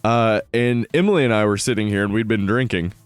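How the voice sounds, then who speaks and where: A man's voice: fairly low pitch, fairly quick, smooth, no echo, soft background music. A man co-hosting a podcast in casual chat, laid-back and rambling, with lots of fillers and easy laughter. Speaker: podcast co-host.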